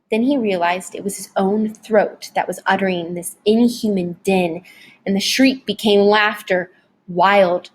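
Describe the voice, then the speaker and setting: Woman, audiobook narrator, breathy, medium pitch, dramatic storytelling. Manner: dramatic, varied storytelling delivery. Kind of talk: expressive audiobook reading.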